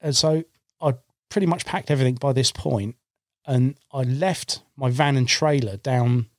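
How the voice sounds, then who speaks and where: This is casual storytelling from a podcast guest, a carp angler, recalling a fishing trip at normal speed and acting out what he said at the time with lively energy. His pitch is ordinary and middle, captured close and dry on a studio microphone with no room echo.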